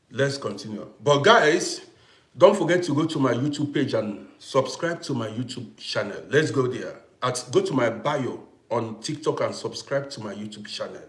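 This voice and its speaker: A young man talking forcefully to viewers in a casual livestream and thanking them for gifts. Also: medium pitch, echoey room. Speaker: live stream host.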